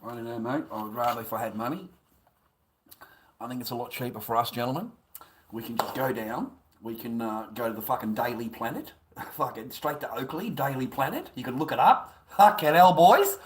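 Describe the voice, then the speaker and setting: A man's voice: a little high, a little fast, fairly bright tone. A middle-aged man ranting crudely on a livestream, rambling, swearing and laughing. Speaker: livestream host. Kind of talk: ranting casual livestream chat.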